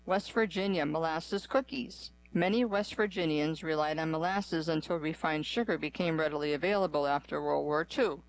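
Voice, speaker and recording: A woman reading a magazine article aloud in an even, clear voice for a radio program. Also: deep voice, moderate pace, hardly any pauses, a little hiss or hum, poor audio. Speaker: radio reader.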